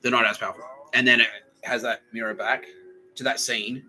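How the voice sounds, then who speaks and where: A man hosting a comedy podcast, rambling and profane as he retells scenes and acts them out in quick voices. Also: mid-range voice, flat delivery, sharp tone, low-quality recording. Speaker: podcast host. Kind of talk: comedic monologue.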